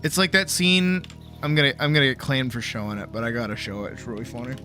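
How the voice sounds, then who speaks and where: A man from Boston, a streamer telling a goofy travel story in a casual, animated way, swearing freely. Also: mid-range voice, fast talker, soft background music. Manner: animated, swears, laughs often.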